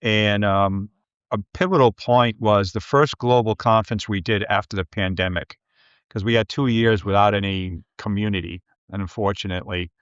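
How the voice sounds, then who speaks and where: Male business coach, low voice, lively storyteller who mimics others; dull, dry recording. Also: moderate pace, clean tone, no echo. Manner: lively storyteller who acts out quoted people. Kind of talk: storytelling in a podcast interview.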